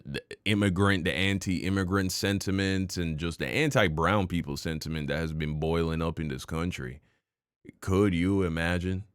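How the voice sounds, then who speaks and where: Very deep-voiced man reacting to clips. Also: smooth, dry recording, studio quality. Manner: reacts aloud, quick exclamations between clips. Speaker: reaction streamer. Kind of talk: casual commentary over clips.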